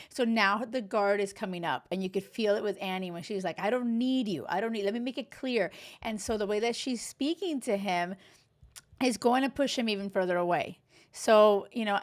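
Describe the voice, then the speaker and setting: A woman in her thirties hosting a dating advice podcast, giving frank, casual commentary full of "like" and "you know". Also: mid-range voice. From Cuban heritage. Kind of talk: casual reality-show commentary.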